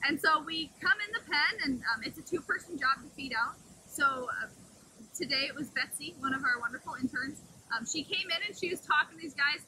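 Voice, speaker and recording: Animated and brisk, a woman wolf caretaker gives an enthusiastic, casual explanation to the camera beside the wolf pens outdoors. Her voice is bright and forceful, though she coos at the wolves in a high sing-song voice. The poor audio has slight background noise.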